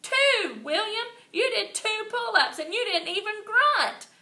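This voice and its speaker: A woman voicing an excitable, bossy little kindergarten girl who shouts with glee. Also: moderate pace, vocal fry, full character voice. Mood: thrilled. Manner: shouting, thrilled, squealy high. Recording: roomy and distant.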